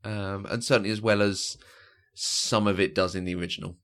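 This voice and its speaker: Brief: podcast co-host, man with a lowish voice, lively, does little voices when retelling scenes. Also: fairly quick, smooth. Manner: animated, often acting out quoted lines. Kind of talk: casual chat about films.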